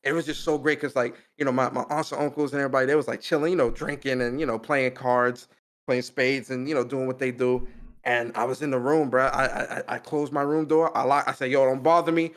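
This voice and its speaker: A man's voice: medium pitch, fairly even intonation, quick pace. A young man co-hosting a podcast, telling a personal story in casual slangy chat, laughing often. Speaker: podcast co-host.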